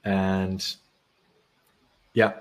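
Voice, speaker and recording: A man hosting a live webinar, talking casually and haltingly with many restarts while he demonstrates software on screen. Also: low voice, completely flat delivery, slight background noise. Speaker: webinar host.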